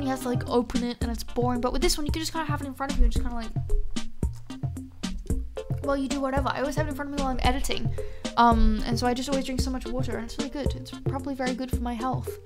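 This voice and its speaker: A young woman streaming a game live, chatting casually with her viewers in a bubbly, rambling way full of internet slang. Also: sits high. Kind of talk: casual live-stream chat while gaming. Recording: music playing behind.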